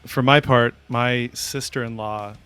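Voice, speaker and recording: A man's voice: medium pitch, steady tone, a little slow, a bit bright, clean tone, faint music behind. A man co-hosting a casual podcast chat with dry wisecracks. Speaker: co-host.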